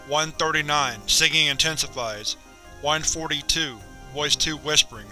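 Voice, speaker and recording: Male narrator, scripted horror reading; clinical, measured, slightly high and very bright. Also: soft background music.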